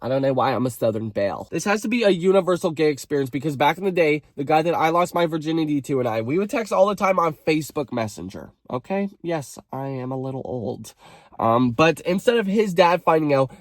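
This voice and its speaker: Man, young adult, high voice, sassy comedic storytime, mock outrage, dry close recording. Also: very animated, brisk, dry recording. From Canada. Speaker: storytime creator. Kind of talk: casual comedic storytime reading comments.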